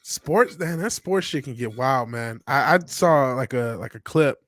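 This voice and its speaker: A man's voice: mid-range voice, animated, a little slow, a bit bright, no room sound, studio quality. A man co-hosting a casual podcast, reacting with short remarks and swearing casually. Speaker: podcast co-host. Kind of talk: casual chat.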